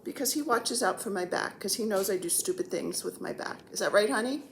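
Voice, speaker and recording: A woman's voice: medium pitch, lively intonation, fairly quick, creaky, slight background noise. A woman in her sixties chatting casually as a cross-stitch vlogger, rambling and joking while seated on the floor at home. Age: 60s. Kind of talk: casual chat.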